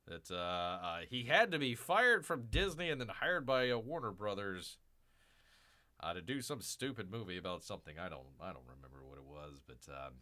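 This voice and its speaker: Reading the news on his live stream, a man keeps veering into sarcastic, mocking commentary, rambling with lots of fillers and restarts. His voice sits low with lively intonation, a sharp tone and a moderate pace.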